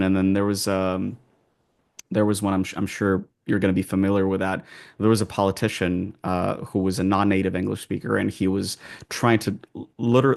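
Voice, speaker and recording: A man with an American accent speaks in a very low voice with a gravelly edge. As an accent coach being interviewed, he explains his points casually, with plenty of fillers and false starts. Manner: loose and conversational, many fillers and restarts.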